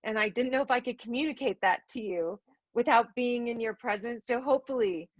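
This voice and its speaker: A woman's voice: on the high side, fairly quick, no echo. A middle-aged woman giving a heartfelt keynote talk to teachers over a video call, earnest and emotional, repeating phrases for emphasis. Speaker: keynote speaker. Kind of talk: heartfelt virtual conference talk. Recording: dry, slightly dull video-call audio.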